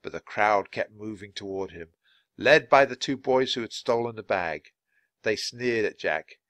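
A man reading a children's storybook aloud in a clear, measured way for learners. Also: fairly low pitch, animated, fairly bright tone, dry recording. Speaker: storybook reader. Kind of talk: children's book read-aloud.

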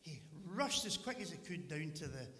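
Animated man telling a children's story. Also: on the high side, moderate pace, in a large hall. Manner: animated, jokes with the congregation. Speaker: church storyteller. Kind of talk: children's story in a church service. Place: church hall.

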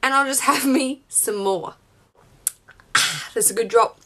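A woman's voice: on the high side, measured pace, pushed and bright. A young woman chatting casually to her camera at home, hyper and rambling from too much coffee. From Australia. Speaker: beauty and fashion vlogger. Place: home closet room with yellow-lit background.

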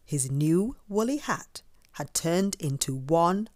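A woman reading a children's picture book aloud, expressive and stopping to ask the listener questions. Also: on the low side, slow pace, no room sound, studio quality. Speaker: storyteller. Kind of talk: children's story read-aloud.

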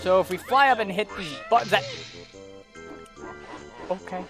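A man's voice: sits high, normal speed, fairly bright tone, soft background music. A young man giving rambling gameplay commentary, easily exasperated and ranting at the game. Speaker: let's play commentator.

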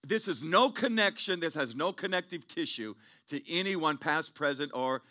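A man's voice: a little high, lively intonation, normal speed, bright, forceful tone. A middle-aged man preaching a sermon as pastor, rambling and repeating himself, then building to emphatic peaks.

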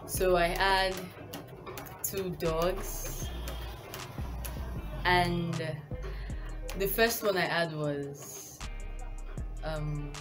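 A woman's voice: lowish voice, fairly even intonation, very slow, pauses often. A young woman with a Nigerian accent, telling a storytime as a vlogger, rambling and correcting herself, with frequent laughs. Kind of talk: casual storytime. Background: background music.

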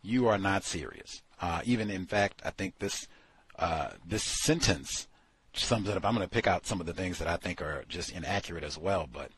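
A man with a low, husky voice hosts a talk program. He is blunt and dismissive and circles back to the same points again and again. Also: moderate pace, fairly bright tone, dry recording. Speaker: radio show host. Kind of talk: casual critical commentary.

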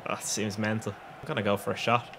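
A young gaming YouTuber with a lowish, gravelly voice speaks fairly quickly over a little hiss or hum. He commentates on a football video game, excitable and rambling, laughing often and swearing a lot.

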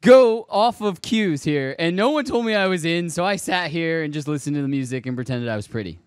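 Male podcast host, high and lively voice, joking banter, dry studio mic. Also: brisk, clear, resonant tone, no echo. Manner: animated, joking. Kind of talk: casual chat. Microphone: studio microphone.

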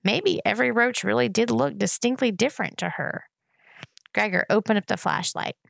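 A woman reading a children's novel aloud in steady, expressive narration. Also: on the high side, normal speed, gravelly, dry recording. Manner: steady, expressive reading, voicing each character. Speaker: reader. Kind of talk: audiobook narration.

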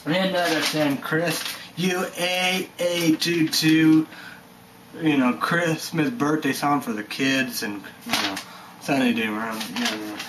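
A man's voice: a little high, background noise. A man giving a rambling, heated vlog rant, swearing and leaning on "you know" and "stuff like that". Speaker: energy drink reviewer vlogger.

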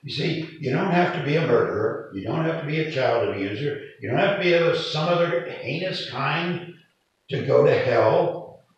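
A man's voice: fairly high pitch, lively intonation, normal speed, lo-fi sound. A man preaching a sermon, with emphatic rises in his delivery. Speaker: pastor. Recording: echoey hall from far off, faint noise.

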